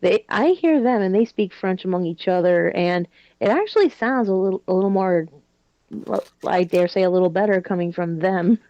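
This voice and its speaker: A woman's voice: mid-range voice, normal speed, mellow, dry recording. A woman in a casual group chat telling a story, laughing often. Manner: giggly storyteller. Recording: dull lo-fi sound.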